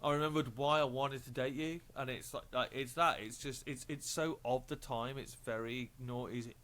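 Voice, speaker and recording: A man's voice: medium pitch, fairly even intonation, moderate pace, fairly bright tone. A man co-hosting a music podcast in casual chat, rambling and joking with lots of fillers and restarts. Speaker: podcast co-host.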